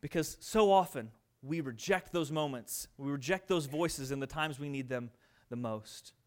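A man who is a minister, preaching a sermon in an earnest, conversational way that swings between loud, pressing moments and hushed, quiet ones. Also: fairly high pitch, moderate pace.

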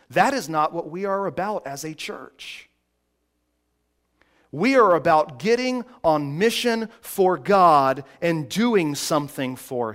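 A man preaching a sermon, slow and emphatic, with dramatic pauses. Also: a little high, a bit bright. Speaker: pastor.

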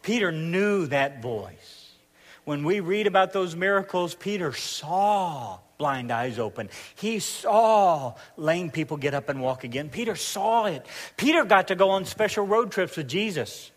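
His voice sits high, animated yet unhurried, and echoes with a long reverb tail. He's a middle-aged Arkansas pastor with a Southern accent, delivering a jokey, folksy sermon built on repeated phrases and a repetitive preaching rhythm.

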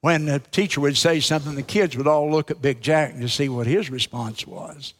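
Earnest male preacher, fairly high voice. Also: moderate pace. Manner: earnest, addresses listeners directly. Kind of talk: sermon with storytelling.

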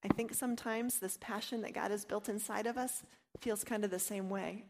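A woman leads a devotional teaching in a mid-pitched voice. She talks earnestly and personally, telling her own stories and acting out the doubtful inner voice before she turns to scripture. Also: fairly even intonation, moderate pace. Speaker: Bible study teacher.

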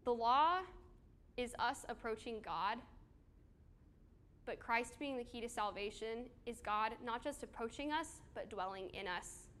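A woman's voice: a little high, unhurried, fairly bright tone, clear, resonant tone. A woman giving a casual sermon to a small live group on a handheld mic, chatty and self-deprecating, with fillers and questions to the audience. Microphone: handheld microphone.

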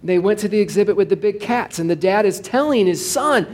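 A man, a pastor, preaching a sermon in a casual, digressive way, joking with the congregation and slowing down to stress scripture. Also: sits high, expressive. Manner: conversational and digressive, with jokes to the congregation.

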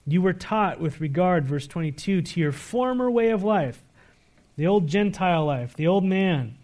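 A pastor preaching a sermon, reading scripture verses aloud and pressing the congregation with direct questions. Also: male voice, lively intonation, normal speed. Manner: swings between emphatic, louder lines and low, quiet asides.

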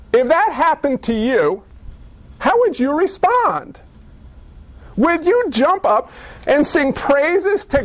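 A man's voice: sits high, no room sound. A male pastor preaching a sermon, joking and firing off rhetorical questions.

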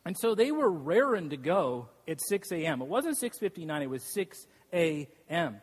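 Laughing storytelling pastor in a reverberant hall. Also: male voice, on the high side, big pitch swings, normal speed, husky. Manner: storytelling with self-deprecating humor and laughs. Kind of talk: sermon. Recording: long reverb of a large hall.

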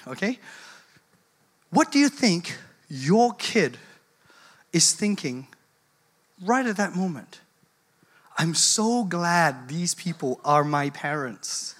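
Unhurried, animated speaker telling a parenting story to an audience of parents. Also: medium pitch. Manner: animated, laughs through the story.

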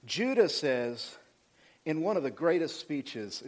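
A male senior pastor preaching a sermon, retelling scripture in a lively, conversational way that swings between loud and soft. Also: mid-range voice, moderate pace.

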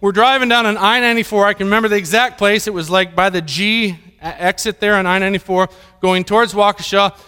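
A middle-aged preacher delivers a sermon in a high, bright, crisp voice. He slips into storytelling and acts out the voices of the people in his anecdotes. His words ring out with a long reverb in a large hall. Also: steady tone, fast talker. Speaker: pastor.

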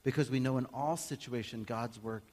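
With a medium-pitched voice at normal speed, a male preacher acts out little everyday moments during a lively, conversational sermon. Long hall reverb colors the recording.

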